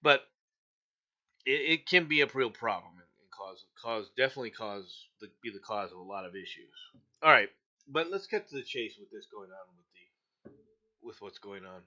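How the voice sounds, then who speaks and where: Animated man reading news on a stream. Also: on the low side, normal speed, lo-fi sound. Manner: stumbles over words and restarts, chatty. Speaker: livestream host. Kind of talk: reading news with loose commentary.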